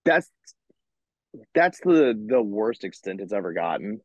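A man's voice: on the low side, unhurried, dry recording. A man, a metal band singer, chatting as a guest and telling stories with animation. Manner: animated storyteller, laughs between lines. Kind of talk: casual chat. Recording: dull lo-fi sound.

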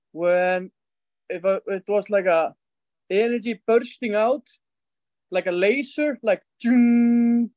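A man on a video call asking a question, halting and searching for words with many "like"s. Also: high voice, no echo. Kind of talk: casual chat on a video call.

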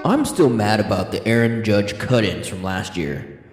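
A man co-hosting a podcast in casual banter, easygoing and agreeable, tossing in quick reactions. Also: fairly low pitch, lively intonation, husky, no room sound, a faint crowd. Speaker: podcast co-host.

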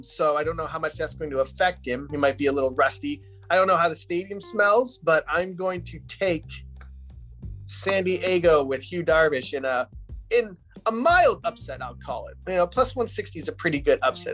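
A man co-hosting a sports betting podcast, talking through his picks in a relaxed, thinking-aloud way with fillers. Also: on the high side. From Italian heritage. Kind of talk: casual chat.

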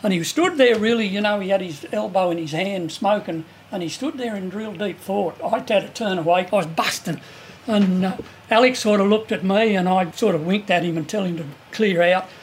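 A man's voice: sits high, moderate pace. An older man, bluntly telling earthy anecdotes in an interview. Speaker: local landowner recalling the dig. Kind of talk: casual storytelling interview. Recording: faint background noise.

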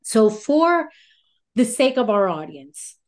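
A woman's voice: fairly high pitch, big pitch swings, slow. Woman hosting a casual chat. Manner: chatty, playful, asks questions. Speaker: host.

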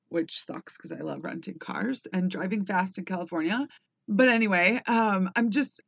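A woman's voice: lowish voice, dry recording. A woman in her thirties or forties hosting a personal podcast, talking candidly, swearing freely and rambling with restarts. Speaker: podcast host.

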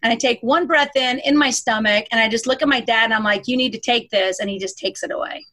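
Bright, animated woman telling a story. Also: fairly high pitch, fast talker. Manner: animated storytelling, bursts into loud mock scolding. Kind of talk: casual conversation.

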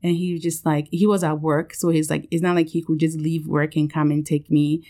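A woman's voice: low voice, flat delivery, a little fast, mellow. A woman hosting a podcast, telling a candid, emotional personal story with many fillers and restarts. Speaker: podcast host.

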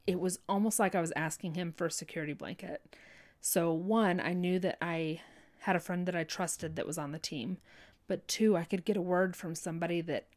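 Earnest woman with a low-set voice. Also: steady tone, a little mellow. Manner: halting, restarts often, fillers like "you know" and "like"; earnest, heartfelt. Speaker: person sharing a personal faith testimony. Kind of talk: emotional personal storytelling.

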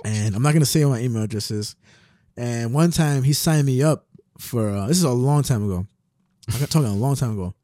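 A man's voice: mid-range voice, brisk, mellow, dry recording, clean studio sound. Laid-back young man, rambling podcast chat. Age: young adult. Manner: laid-back, rambling, swears, laughs often. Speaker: podcast co-host. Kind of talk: casual chat.

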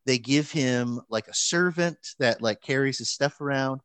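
A man telling a long story in casual chat, animated, with frequent restarts and fillers. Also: medium pitch, normal speed, clear, resonant tone, no room sound.

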